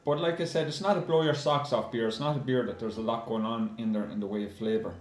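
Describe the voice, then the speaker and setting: A man's voice: medium pitch, fairly even intonation, quick pace, a little hiss or hum. Chatty man in a roomy echo. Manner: chatty, addresses viewers as guys, many ums. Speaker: beer reviewer. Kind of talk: casual video review.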